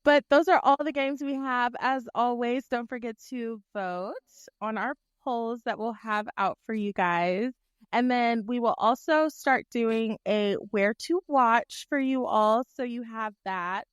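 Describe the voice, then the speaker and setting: Upbeat young woman, smooth bright voice. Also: a little high, unhurried, no room sound, highs cut off. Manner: upbeat, wraps up with sign-off reminders. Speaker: podcast host. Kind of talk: casual sports chat.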